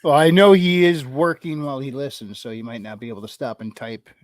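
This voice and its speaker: A man in a casual online group chat, speaking in a measured, explaining way. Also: medium pitch, dry recording.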